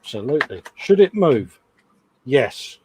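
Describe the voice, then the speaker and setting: A man's voice: medium pitch, very animated, measured pace, noisy background. A man with a Cockney accent co-hosting a casual live stream, teasing and trading banter. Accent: London Cockney. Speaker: co-host.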